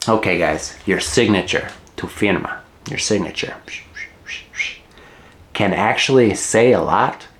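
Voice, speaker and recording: A middle-aged man gives a relaxed English lesson, his voice sitting on the lower side. He talks slowly and deliberately, repeating key words and slipping in jokey asides. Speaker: English teacher.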